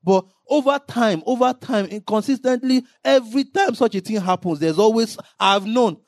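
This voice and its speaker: Man, preacher, impassioned sermon, shouted emphasis, dry close sound. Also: high voice, normal speed, dry recording.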